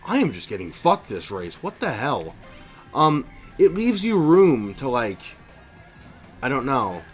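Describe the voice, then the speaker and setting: A young man streaming a video game, chatting casually in an animated, opinionated way, with lots of fillers and restarts. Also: mid-range voice, a little slow, faint music behind. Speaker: streamer and voice impressionist. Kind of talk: casual chat while gaming.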